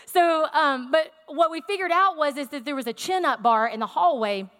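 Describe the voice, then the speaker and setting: A woman preaching a sermon, telling a personal story in a conversational, animated way with fillers. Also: high voice, normal speed, hardly any pauses, long reverb tail.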